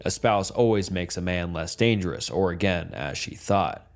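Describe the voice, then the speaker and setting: A man reading a dark first-person horror story as a calm, steady scripted narration. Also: low-pitched, moderate pace, gravelly.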